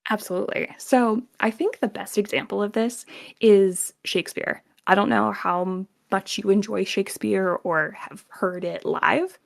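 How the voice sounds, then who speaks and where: A young woman from the American South talks shop as a guest voice actor. Her voice sits in a middle pitch with a slight gravel to it. She stays lively and laughs often as she explains. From southern United States. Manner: animated, laughs often, mixes in quick demo voices. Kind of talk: casual interview chat.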